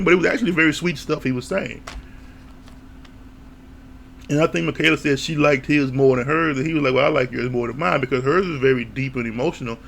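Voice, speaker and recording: A man giving a casual, opinionated recap of a reality show, blunt and quick to laugh or swear. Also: a little high, creaky, fairly bright tone, slight background noise.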